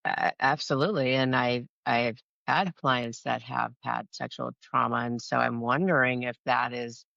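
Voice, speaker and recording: A woman hosting a podcast, chatting in a casual, halting way as she responds to her guest. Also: rumbling low, steady tone, gravelly, a bit bright, dry recording, muffled recording. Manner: halting, with fillers and restarts. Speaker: podcast host. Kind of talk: casual interview chat.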